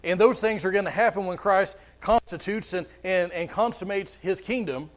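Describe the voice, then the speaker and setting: A man's voice: high-pitched, moderate pace. A man preaching a sermon as pastor, earnest, often repeating words as he goes.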